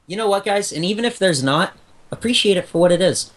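Excitable, lively-voiced male co-host. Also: sits high, quick pace. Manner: excitable, teasing. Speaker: podcast co-host. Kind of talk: casual chat.

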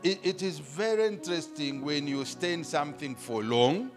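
A man's voice: on the high side, moderate pace, over music. A middle-aged man preaching and praying in a church, stopping line by line for an interpreter and calling out to the congregation playfully. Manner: energetic, playful, calls out to the congregation. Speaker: pastor. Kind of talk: sermon with live interpretation. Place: church hall.

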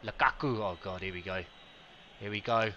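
A young man streaming a football game live, chatting excitedly with viewers and reacting to the match. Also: lowish voice, moderate pace, dull audio. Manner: excitable, chatty, greets chat by name.

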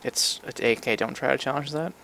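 A man streaming a shooter game live, talking loudly and excitedly and swearing as he plays. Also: mid-range voice, a little fast, vocal fry, noisy background. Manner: loud, excitable, swears while playing. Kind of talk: live gaming commentary.

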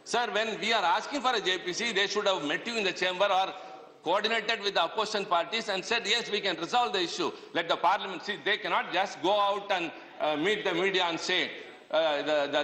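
A man's voice: high voice, fairly quick, pushed and bright. A man with an Indian English accent, a member of parliament giving a debate speech, addressing the chair as sir and pressing pointed questions. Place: large parliament chamber. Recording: echoey chamber with long reverb.

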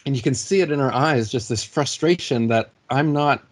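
A man in his forties recounting a personal anecdote in casual conversation, animated and laughing often. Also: medium pitch, normal speed. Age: 40s.

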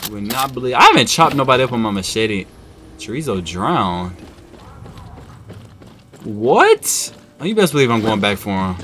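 A man giving casual, chatty let's-play commentary, now and then cooing at an in-game dog in a high coddling voice. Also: very animated, moderate pace, long pauses, fairly bright tone. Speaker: gaming video host. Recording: game music playing behind voice.

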